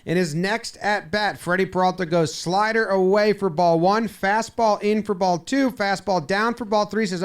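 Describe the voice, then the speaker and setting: A man's voice: sits high, moderate pace, hardly any pauses. A man giving a playful, comedic breakdown of game footage, acting out the players' lines with mock dialogue. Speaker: baseball video commentator. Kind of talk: comedic sports breakdown over clips.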